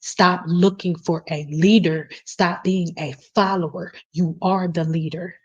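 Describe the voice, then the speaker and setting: A woman's voice: on the low side, fairly even intonation, measured pace, husky. A woman hosting a casual live stream, talking bluntly and passionately and swearing freely. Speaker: hair care host answering live chat. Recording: dull lo-fi stream audio.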